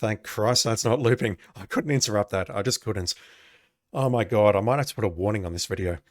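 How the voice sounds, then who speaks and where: A man's voice: on the low side, fairly quick, no room sound, clean studio sound. A man giving sarcastic, exasperated commentary while playing an old adventure game. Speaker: gamer playing a retro game. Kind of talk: let's play commentary.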